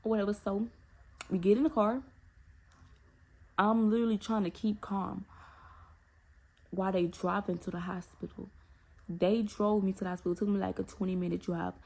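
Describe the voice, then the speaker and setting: A young woman, telling a personal story to her viewers in a casual, animated way with many asides to them. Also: medium pitch, brisk. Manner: animated, talks straight to viewers with repeated asides. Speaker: storytime vlogger.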